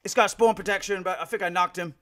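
A fast-talking gaming streamer, his voice sitting high with a steady tone and a touch of brightness, provides live commentary on a shooter. He curses, trash-talks and kids around with his squad, laughing often.

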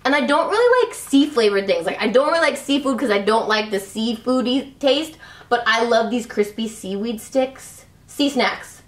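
A woman's voice: on the high side, expressive, moderate pace, distant mic. A woman in her thirties reviewing her favorite beauty products in a gushing, chatty way. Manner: gushing, chatty, full of "like" and "love". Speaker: beauty vlogger. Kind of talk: casual product review chat. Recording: roomy, a little off-mic.

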